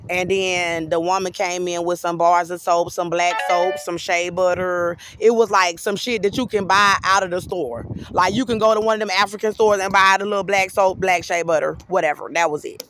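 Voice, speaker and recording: A woman's voice: on the low side, fairly even intonation, moderate pace, hardly any pauses, a bit bright, faint music behind. A woman giving an agitated, rambling personal monologue to camera, swearing freely. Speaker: vlogger.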